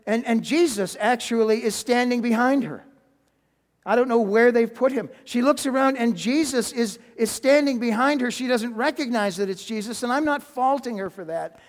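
A man preaching a sermon, telling a story with animated swings and dropping almost to a whisper for emphasis, with a chuckle and some restarts. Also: very high voice. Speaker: pastor. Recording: long hall reverb.

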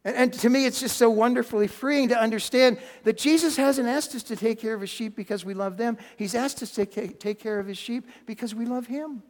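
A male pastor delivers a sermon in a high voice. He swings between loud exclamations and hushed quiet lines. His voice rings with the long reverb of a hall. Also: fairly quick, hardly any pauses.

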